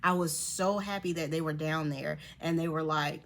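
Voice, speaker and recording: Animated young woman telling a story. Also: low voice, normal speed. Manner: animated, laughs often, voices others in quotes. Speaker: vlogger. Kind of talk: casual storytelling to viewers.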